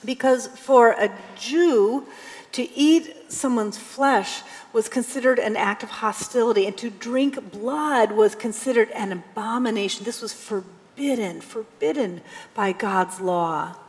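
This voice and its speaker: A woman's voice: fairly high pitch, unhurried. A woman pastor giving a sermon in a conversational preaching style, now and then reading scripture aloud with emphasis. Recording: long hall reverb.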